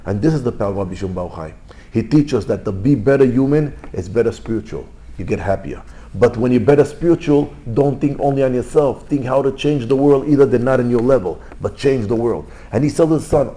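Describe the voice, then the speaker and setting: Rabbi, middle-aged, mellow voice, animated storyteller swinging loud to hushed. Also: male voice, mid-range voice, brisk. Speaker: rabbi giving a Torah class. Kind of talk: Torah class storytelling.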